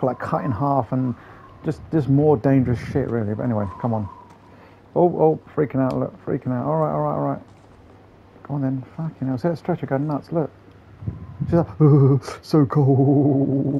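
A man's voice: mid-range voice, gravelly, dull audio. A man hosting a gaming channel, giving chatty, profane, grumbling let's-play commentary. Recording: game engine noise behind voice.

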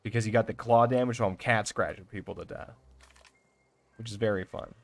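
A young man giving casual, excitable gameplay commentary, swearing often and talking to himself as he plays. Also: lowish voice, brisk, creaky. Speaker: let's play gamer.

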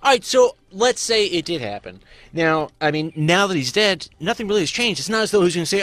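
A man co-hosting a podcast, answering in a calm, measured and skeptical way. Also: high-pitched, dry recording, faint music behind. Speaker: podcast co-host. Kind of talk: casual chat.

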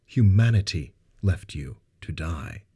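A man's voice: sits low, animated, slow, dark tone, breathy edge, exaggerated voice. A man voicing an older, commanding male scientist with a grave, buttery, regal delivery.

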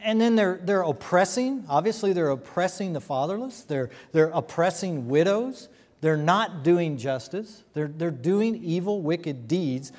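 A man's voice: high-pitched, a little mellow, long reverb tail. A man preaching a sermon as a pastor, emphatic and full of rhetorical questions and repeated phrases.

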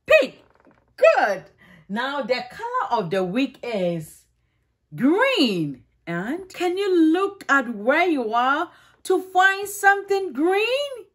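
Teacher lady talking real slow to little kids, high lively voice, drawing out letter sounds. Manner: slow, sing-song, exaggerated letter sounds; coaxing, asks children to repeat. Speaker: preschool teacher. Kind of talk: circle-time lesson for young children.

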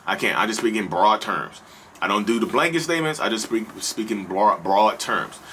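A man with a North Carolina drawl talks straight to his viewers in a loose, earnest monologue, circling back and restating his points. His voice sits a little low but has a bright, forceful edge. A faint hum of noise hangs behind him. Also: lively intonation, normal speed. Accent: Southern US, North Carolina. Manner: earnest, repetitive, conversational, addresses listeners directly. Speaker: vlogger discussing narcissism. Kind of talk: casual to-camera monologue.

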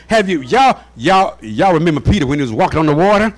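A man preaching a fervent sermon in a church, often shouting and repeating "watch this" to rally the congregation. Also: fairly high pitch, big pitch swings, quick pace, heavy background noise. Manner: shouting, repeats "watch this", folksy call-and-response. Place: church sanctuary.

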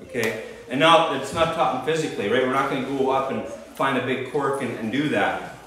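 Emphatic preacher in a very echoey church. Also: male voice, mid-range voice, fairly quick, a crowd in the background. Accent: Canadian. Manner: emphatic, repeats "right?" and "okay?". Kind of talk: sermon. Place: church hall. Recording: very echoey church, distant mic, faint noise.

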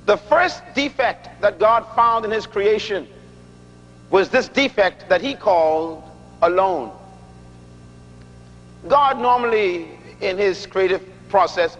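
A man's voice: high-pitched, fairly bright tone. Middle-aged guy preaching, emphatic, teasing the crowd, big church hall with long echo. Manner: emphatic, repeats key lines slowly for effect; humorous, teasing the audience. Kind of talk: sermon. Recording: dull lo-fi recording with long hall reverb.

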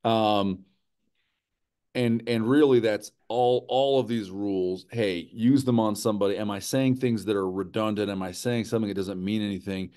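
A man's voice: fairly low pitch, normal speed. A man presenting a writing workshop in a conversational lecture style, often checking in with his listeners. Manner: animated, often checks in with "right?" and "okay?".

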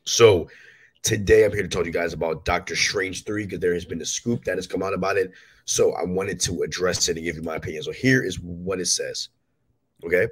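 A man hosting a casual commentary show, sick and having lost his voice, speaking in a forced deep voice and rambling through his opinions. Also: fairly quick, husky, low-quality recording. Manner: rambling, opinionated, self-correcting. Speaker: host.

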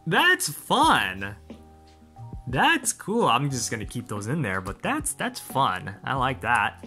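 A man hosting an unboxing vlog, excitable and gushing, full of exclamations. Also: mid-range voice, extremely slow, creaky, long pauses, faint music behind. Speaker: channel host.

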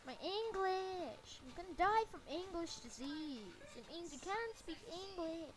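High-voiced excitable woman playing a game. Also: unhurried. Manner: goofy, excitable, shrieks and mutters to herself. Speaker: gameplay commentator. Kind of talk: playful game commentary.

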